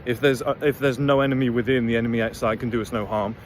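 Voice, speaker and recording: A man's voice: medium pitch, steady tone, quick pace, a little hiss or hum. A man giving a blunt, rambling, profane motivational monologue to camera as host of his own channel. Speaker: motivational vlogger.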